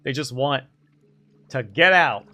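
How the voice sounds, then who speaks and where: A man streaming a game playthrough, excitable, laughing often and quipping at the characters. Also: mid-range voice, slow.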